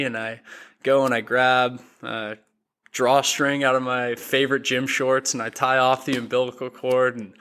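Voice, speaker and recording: A young man, a podcast guest, telling a story in a casual, animated way and acting out the quoted dialogue. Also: mid-range voice.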